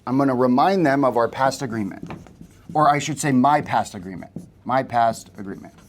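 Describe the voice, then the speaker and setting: A man leads a sales training session in an office room, speaking in an easygoing, conversational way. He keeps turning to the room with quick questions to check that people follow. His voice sits at an ordinary middle pitch for a man. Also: a little hiss or hum. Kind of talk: live sales training talk.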